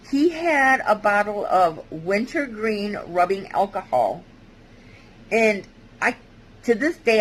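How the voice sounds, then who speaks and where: A woman vlogger giving a halting, hesitant personal testimony, with many fillers and restarts. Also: medium pitch, poor audio.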